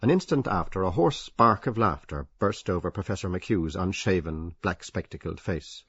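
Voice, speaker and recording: Deep husky man narrating an audiobook. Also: expressive, moderate pace, fairly bright tone, no echo. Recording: dull, dry lo-fi audio.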